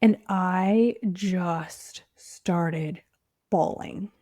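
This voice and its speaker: Heartfelt woman, soft, near whisper. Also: fairly low pitch, very slow, dry recording, clean studio sound. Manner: heartfelt, emotional, often drops to a near whisper; casual, frequent "like" fillers. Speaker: podcast host and clinic owner. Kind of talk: personal storytelling podcast.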